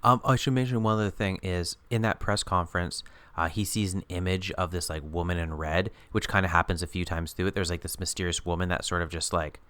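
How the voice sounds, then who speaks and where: Podcast co-host: man, lowish voice, dry close mic, thoughtful and halting. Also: fairly even intonation, fairly bright tone, smooth, no echo. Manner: thoughtful, hesitant restarts, laughs easily. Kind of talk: casual chat recapping a TV episode.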